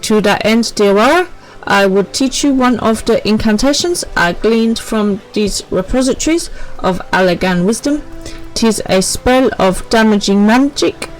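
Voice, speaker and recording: An earnest scholar mage speaks in a raised, formal and courteous voice, as a woman reads the part aloud. The old-fashioned phrasing is carried a little louder than her usual talk. Faint game music sits behind it. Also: medium pitch, animated, measured pace, voice pushed up, natural voice, poor audio.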